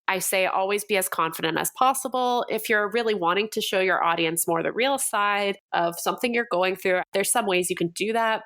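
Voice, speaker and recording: A young woman from Montreal speaks in a medium-pitched voice on a casual podcast. She gives advice in an earnest, coaching way and talks candidly. Her tone stays friendly and direct. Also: fairly bright tone. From Canada, Montreal. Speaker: guest copywriter.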